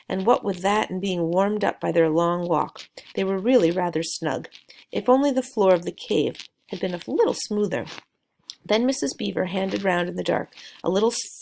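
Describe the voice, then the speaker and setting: A woman narrating a children's book aloud in a gentle storytelling manner, with a gravelly, creaky texture to her voice. Her pitch sits in a middle range, and she sometimes stops to add a little aside to the listener. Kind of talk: reading a children's novel aloud.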